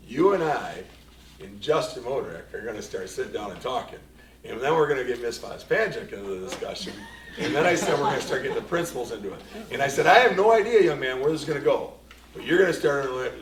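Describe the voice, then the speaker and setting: The superintendent's voice is medium in pitch, and a little hiss or hum runs through the recording. In an echoey meeting room picked up by a distant mic with faint ambience, he rambles through an anecdotal board report, quoting himself and a former student.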